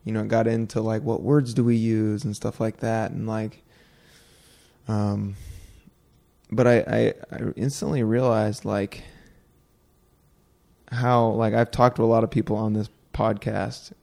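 Gravelly-voiced man, relaxed podcast host. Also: fairly low pitch, a little slow. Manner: relaxed, rambling with many fillers and quoted asides. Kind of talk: casual conversation.

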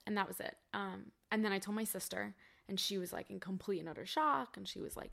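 Young woman guest, bright voice w some vocal fry, chatty, says like a lot. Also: medium pitch, fairly even intonation, brisk. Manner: chatty, many "like" fillers, quotes family in dialogue. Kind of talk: casual storytelling interview.

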